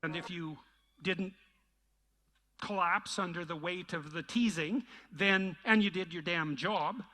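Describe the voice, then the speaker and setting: A man's voice: sits high, a little slow, sharp tone. A man in a played interview clip, recounting old work stories in a reflective way. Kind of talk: storytelling in an interview.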